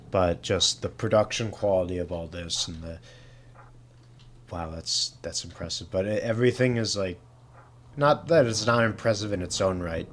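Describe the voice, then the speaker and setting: A man's voice: lowish voice, a little hiss or hum. Rambling man commenting on a game. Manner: rambling, full of fillers and restarts. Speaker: gaming channel host.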